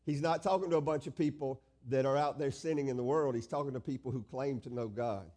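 A man's voice: mid-range voice, steady tone, fast, mellow. A male pastor preaching a sermon, stretching out key phrases and asking the congregation questions.

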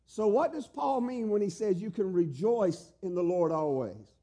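A middle-aged male pastor preaching a sermon, emphatic, with loud pleading peaks that soften to quiet tenderness. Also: high voice, lively intonation, moderate pace.

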